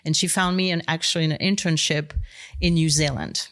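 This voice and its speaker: A woman in her sixties with a French accent, a guest winemaker telling her story in a relaxed interview. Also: deep voice, a little fast. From France. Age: 60s. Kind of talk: interview conversation.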